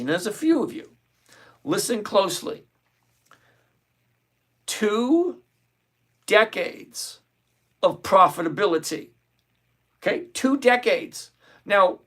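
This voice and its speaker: High-pitched and a bit bright with a breathy edge, this man's voice carries his live stock-trading stream. He talks casually while lecturing viewers, sounding exasperated and emphatic.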